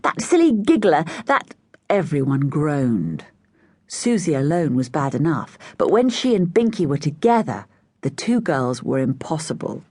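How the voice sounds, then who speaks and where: A woman narrating a children's story, voicing each child with a higher, brighter pitch. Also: measured pace, breathy edge, no echo. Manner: lively, voices each child with raised pitch. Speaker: audiobook narrator.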